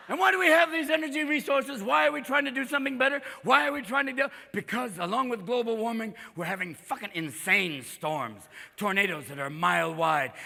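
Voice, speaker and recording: A man doing a stand-up comedy set, talking in a manic, rapid-fire way and jumping into shouted character voices in front of a live audience. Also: high voice, creaky. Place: large hall with a live audience. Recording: reverberant live hall, crowd faintly behind.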